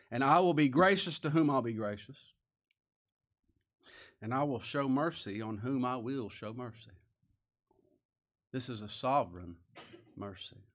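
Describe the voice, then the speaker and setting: Pastor guy preaching hard, gets loud then goes quiet. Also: mid-range voice. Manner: impassioned, rising and falling emphasis. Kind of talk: sermon.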